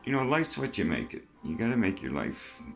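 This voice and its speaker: A man's voice: fairly low pitch, very animated, fairly quick, gravelly, fairly bright tone, soft background music. An older man with a Canadian accent, talking freely in a rambling vlog monologue, chatty and plain-spoken, swearing now and then. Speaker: vlogger.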